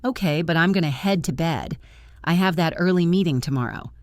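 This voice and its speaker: A woman voicing an evasive, cheating middle-aged husband who talks smoothly. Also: fairly low pitch, brisk, no echo, studio quality, natural voice.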